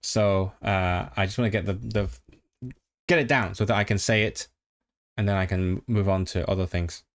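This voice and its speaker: A man's voice: low voice, steady tone, normal speed. A man streaming live, repeating sounds over and over as he practices rolled Rs and chats with viewers. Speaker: language-learning streamer. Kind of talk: casual livestream practice.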